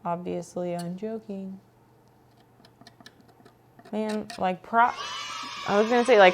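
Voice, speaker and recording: A woman's voice: medium pitch, measured pace, creaky, pauses often, slight background noise. A woman streaming from home, chatting casually with viewers, playful and teasing, with some swearing.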